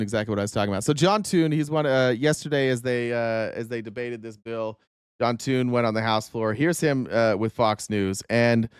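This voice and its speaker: A man in his thirties from the United States hosts a live-stream, ranting angrily about politics with repeated profanity. His medium-pitched voice is smooth, and the studio-quality recording has no room sound.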